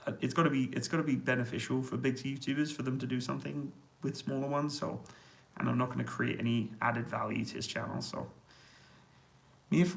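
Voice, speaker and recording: Broadcasting live from an indoor army accommodation room, this man reads viewers' chat messages aloud and responds in a relaxed manner, laughing often. He speaks at medium pitch with a creaky quality, and the audio is poor.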